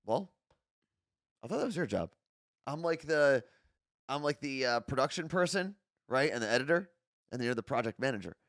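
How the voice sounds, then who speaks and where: A man's voice: medium pitch, lively intonation, normal speed, pauses often, a bit bright, dry recording, clean studio sound. A man co-hosting a casual morning show, joking and poking fun at himself. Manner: joking, self-mocking. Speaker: podcast co-host.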